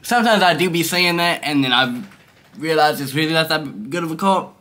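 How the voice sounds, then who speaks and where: A young man vlogging at home, high and rambling in loose slang, laughing often. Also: animated, brisk, pushed and bright. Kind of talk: casual stoned review vlog. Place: his room.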